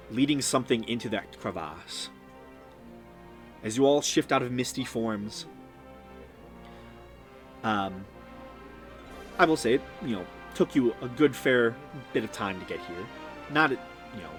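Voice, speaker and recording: Male game master narrating scenes, descriptive, halting with ums, mid pitch. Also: a bit bright. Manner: descriptive, with many ums and restarts. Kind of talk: narrating a tabletop game on a live stream.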